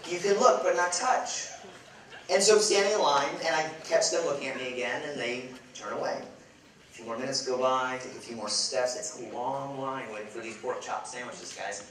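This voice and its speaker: A man in his thirties from Chicago tells a lively, self-mocking story, tossing playful asides to the crowd. His voice sits at an ordinary pitch and rings through a large, echoey hall. He is heard from some distance off the mic, with faint room noise behind. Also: moderate pace. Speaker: event speaker. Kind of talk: humorous storytelling talk.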